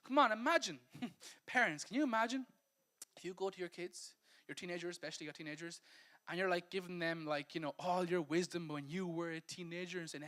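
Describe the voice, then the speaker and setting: A man's voice: high-pitched, brisk, fairly bright tone. A male pastor preaching a humorous, conversational sermon and acting out everyday scenes.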